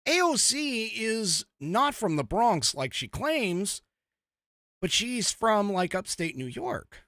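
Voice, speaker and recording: Male podcast host, casual commentary, lively swooping pitch, rambling and chuckly, dry booth sound. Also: slow, no room sound.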